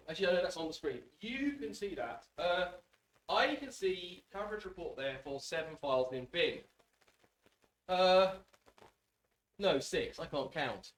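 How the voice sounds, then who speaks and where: A man presenting a technical talk in a conference hall, his fairly high voice carrying a roomy echo. He talks with dry, self-deprecating humor, pausing often on ums. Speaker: conference speaker.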